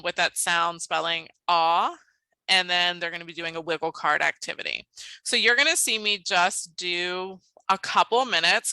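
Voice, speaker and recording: A woman presenting and modeling a phonics lesson for a teacher conference, explaining steps in a clear, steady way. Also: on the low side, dry recording, poor audio.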